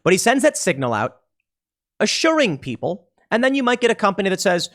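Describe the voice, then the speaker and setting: A man giving casual solo political commentary, animated and quick to slip into mocking voices. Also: sits high.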